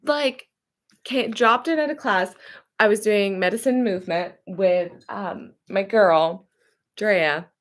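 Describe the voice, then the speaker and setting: A woman's voice: mid-range voice, slow. A woman therapist telling a personal story in a casual, chatty way, rambling and correcting herself as she goes. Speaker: therapist and hypnotherapist.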